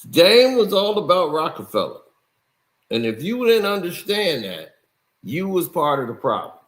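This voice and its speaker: A man's voice: on the high side, very animated, normal speed, a bit bright. A man giving casual commentary, explaining and asking rhetorical questions. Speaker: commentary streamer.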